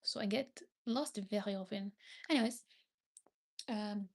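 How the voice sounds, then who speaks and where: A woman's voice: medium pitch, measured pace, darkish tone. A woman from Paris with a French accent, French being her first language, chatting casually on a livestream from her bed and reading out comments with frequent ums and restarts. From France, Paris. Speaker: livestream host. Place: seated on her bed indoors. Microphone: phone.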